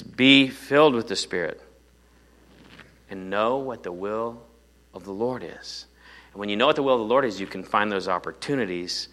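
A man preaching a sermon in a conversational, animated way, full of rhetorical questions to his congregation. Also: deep voice. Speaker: pastor.

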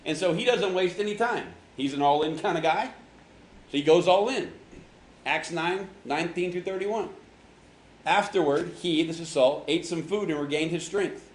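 A man's voice: a little high, measured pace, a little hiss or hum. A man teaching a casual Bible lesson to a group, joking and quizzing his listeners in a slangy way. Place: large room with an audience. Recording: echoey hall with faint ambience.

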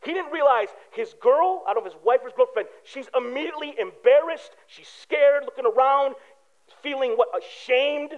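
Man, pastor, very high voice, casual sermon, storytelling asides, muffled recording. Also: moderate pace. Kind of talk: conversational sermon.

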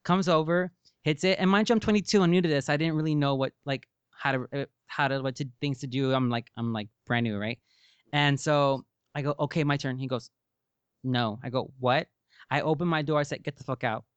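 A man's voice: medium pitch, fairly quick, clean tone, no echo, muffled recording. A man in his late twenties or early thirties hosting a frank, casual interview, blunt and playful, laughing often. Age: late 20s to early 30s.

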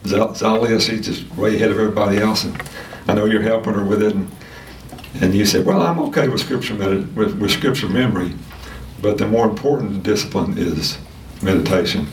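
A man teaching a casual Sunday school lesson, talking in a halting way with many restarts and fillers. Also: fairly low pitch, fairly even intonation, slight background noise. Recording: roomy sound from a distant mic.

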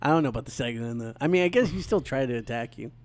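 A man chatting on a movie podcast in a wry, offhand way, dropping trivia and laughing along. His voice sits at an ordinary mid pitch for a man. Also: expressive, rapid-fire. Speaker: podcast co-host. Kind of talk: casual movie podcast chat.

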